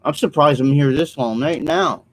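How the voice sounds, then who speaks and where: A man's voice: fairly high pitch, normal speed, low-quality recording. Earnest rambling man vlogging. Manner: earnest, repetitive, apologetic, trailing off with ums. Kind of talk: rambling solo vlog monologue.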